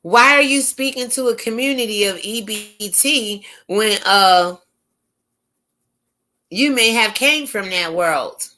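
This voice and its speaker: An American woman hosts a casual opinion commentary channel, speaking emphatically and firing off rhetorical questions. Her voice sits a little high, with a slow pace and a sharp tone.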